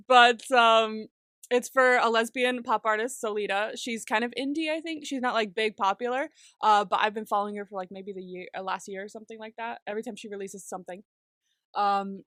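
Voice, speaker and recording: A young adult woman co-hosting a podcast in casual chat, excitable, swearing freely and laughing often. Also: a little high, moderate pace, dry recording, studio quality. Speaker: podcast co-host.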